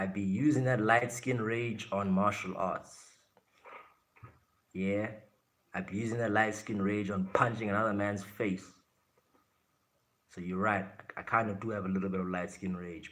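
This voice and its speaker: A man's voice: deep voice, a bit bright. A man from South Africa hosting a live stream, casually answering his chat in a blunt way and laughing often.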